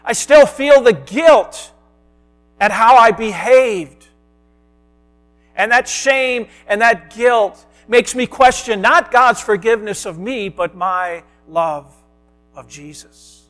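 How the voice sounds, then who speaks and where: A man preaching a sermon as a pastor, earnest, sometimes dropping to a soft hush. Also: extremely high pitch, slow pace, soft background music.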